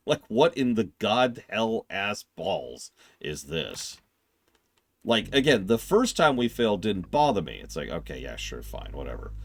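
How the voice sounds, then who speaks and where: A young male streamer with a deep voice reacts to a game. His pitch swings widely as he rants, swears and laughs, and game music plays behind him. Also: slow pace. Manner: animated, swearing, laughing in frustration. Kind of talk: game playthrough with commentary.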